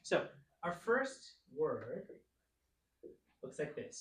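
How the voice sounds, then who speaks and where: A man teaching a church class, encouraging his students and sounding out words slowly. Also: fairly high pitch, big pitch swings, fairly bright tone.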